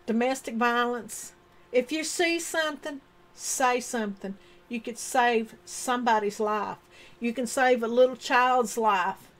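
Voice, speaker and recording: A woman's voice: a little high, low-quality recording. A woman telling her own story of abuse in an earnest, emotional way, repeating key words for emphasis. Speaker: domestic violence survivor sharing her story. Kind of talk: personal storytelling monologue.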